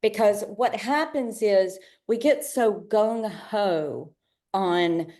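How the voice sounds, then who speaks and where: Mellow-voiced woman telling stories quickly. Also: medium pitch. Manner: spirited storyteller, quick bursts, acts out dialogue. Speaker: guest, business owner and artist. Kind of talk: interview storytelling.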